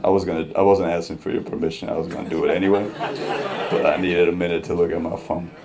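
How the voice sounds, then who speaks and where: A man's voice: low-pitched, flat delivery, fast talker. A man performing a stand-up comedy set on a club stage, telling a casual, profane story with wry asides. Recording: live club crowd and music.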